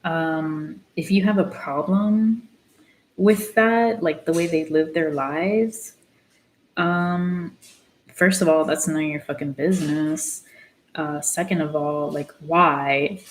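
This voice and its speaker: A young woman artist vlogs while she paints, ranting bluntly with plenty of swearing and the occasional Spanish phrase. Her voice is deep, with fairly even intonation, and she takes her time. The recording is low quality, with slight background noise.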